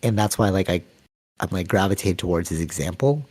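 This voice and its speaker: A man's voice: low voice, fairly quick, husky. A man co-hosting a podcast, telling rambling stories in casual chat and acting out what people said. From Canada. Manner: rambling, animated storytelling with acted-out quotes. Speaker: podcast co-host.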